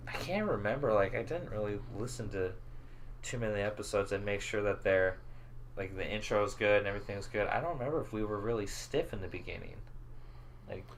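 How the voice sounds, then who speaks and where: A man co-hosting a podcast in casual chat, animated and quick to laugh, acting out quoted lines. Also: lowish voice, slight background noise. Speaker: podcast co-host.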